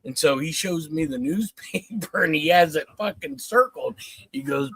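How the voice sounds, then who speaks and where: A man's voice: fairly high pitch, moderate pace, breathy edge, dry recording, rough recording. A man casually telling a long story on a livestream, swearing often and acting out the dialogue. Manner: profane, animated retelling with quoted dialogue.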